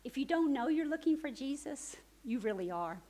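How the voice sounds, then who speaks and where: A woman preacher retells a story during a sermon, moving between urgent, animated narration and hushed, gentle emphasis. Her voice sits high and her pace is moderate. The recording is rough.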